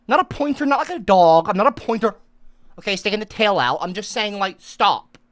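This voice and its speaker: A woman livestreamer ranting for comic effect, profane and bossy, lecturing her chat and breaking into shouted outbursts. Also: mid-range voice, very animated, fairly quick, no echo. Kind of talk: comedic livestream rant.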